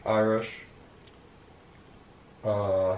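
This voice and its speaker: A man joking with his partner off camera, teasing and playfully deadpan. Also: on the low side, very slow, lo-fi sound, slight background noise. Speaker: vlogger's partner. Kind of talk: casual joking banter. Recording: roomy off-camera sound.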